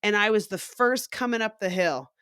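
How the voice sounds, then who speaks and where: A woman's voice: mid-range voice, normal speed, smooth, dry recording, clean studio sound. A woman co-hosting a podcast, telling a story in casual chat, swearing freely and acting out the scene. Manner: profane, animated storyteller. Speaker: podcast co-host.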